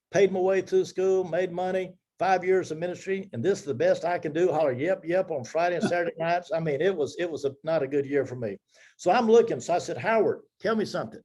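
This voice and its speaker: A man's voice: a little high, a little mellow. A man in his seventies telling a personal career story to his team, acting out the dialogue as he goes. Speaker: business leader speaking to his team.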